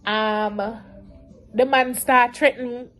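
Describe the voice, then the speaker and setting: A woman, telling a storytime vlog in an animated, emotional way. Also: fairly high pitch, takes it slowly. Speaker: vlogger.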